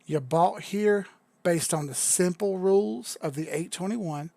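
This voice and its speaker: Young male streamer, fired-up and foul-mouthed with chat, lightly raised pitch, dry desk-mic sound. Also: measured pace, creaky, no room sound. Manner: excitable, profane, chatty banter with viewers. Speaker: crypto livestream host. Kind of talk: casual livestream chart analysis.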